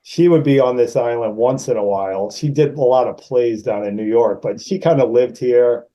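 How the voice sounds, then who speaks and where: A man in his sixties from Massachusetts, a guest actor telling animated anecdotes and acting out the people in them. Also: moderate pace, dull audio. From Massachusetts, USA. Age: 60s. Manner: animated anecdotes, raises pitch to act out quoted people. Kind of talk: casual storytelling.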